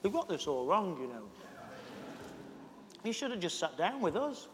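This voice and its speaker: A man voicing Jesus as a gentle teacher, correcting someone kindly within a sermon. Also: sits high, very animated, normal speed, heavy background noise, pitched below the performer's own voice. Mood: gently correcting. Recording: reverberant hall.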